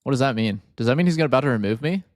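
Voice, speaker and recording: A man's voice: mid-range voice, animated, rapid-fire, no echo. A man streaming a casual chat to his viewers, rambling and swearing with lots of "like". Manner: rambling and profane, heavy use of "like". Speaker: game streamer.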